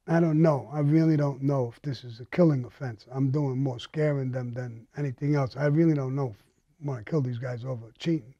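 A man's voice: medium pitch, dark tone, no echo, highs cut off. A man bluntly recounting a violent crime story, swearing often and speaking with menace.

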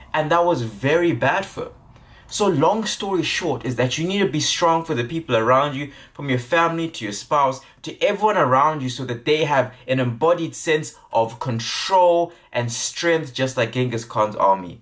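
A man's voice: fairly high pitch, lively intonation, normal speed, fairly bright tone. A young man telling a motivational story in a vlog, emphatic and repeating words for stress. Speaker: self-improvement vlogger.

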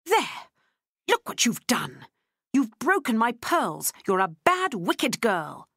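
A shrill, bad-tempered woman snaps and shouts orders, voiced by a woman reading an audiobook. Her voice climbs high and loud as she scolds, swinging widely between sharp peaks. The sound is close and dry, with no room around it. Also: sing-song, normal speed, dry recording. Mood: furious. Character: angry scolding adult woman, harsh temper. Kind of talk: audiobook character voice.

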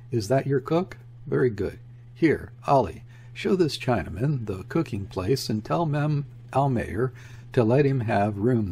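A man voicing a rambling, excitable old trader. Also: medium pitch, slightly rough. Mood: bustling. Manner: garrulous, excitable, jumping between topics. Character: weary, rambling middle-aged trader host.

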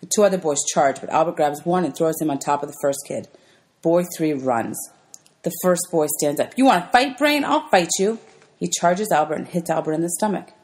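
Woman, teacher, low voice, gentle storybook read-aloud, clear and steady. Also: a little fast. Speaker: teacher reading aloud to students. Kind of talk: children's novel read-aloud.

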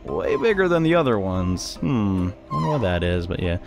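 Man, let's play commentator, very expressive pitch, chatty, self-deprecating, laughs often, faint game music. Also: normal speed, creaky. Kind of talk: casual gameplay commentary.

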